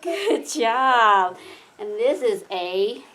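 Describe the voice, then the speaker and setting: Slow sing-song mother coaxing a toddler. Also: fairly high pitch, expressive, a bit bright. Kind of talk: playing with a toddler.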